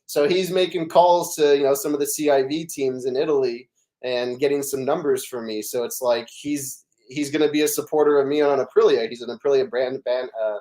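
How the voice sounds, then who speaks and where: A man's voice: medium pitch, fairly quick. Chatty man telling racing stories. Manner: animated storytelling, fillers and restarts. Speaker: podcast guest. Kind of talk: casual chat.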